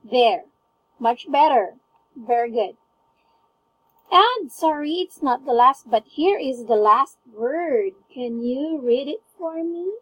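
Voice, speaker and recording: A woman's voice: sits high, lively intonation, slow, a bit bright, no echo, poor audio. A woman tutoring English one-on-one, patiently asking a student to read words aloud and praising each try. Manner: patient, encouraging, frequent praise. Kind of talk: one-on-one online English lesson.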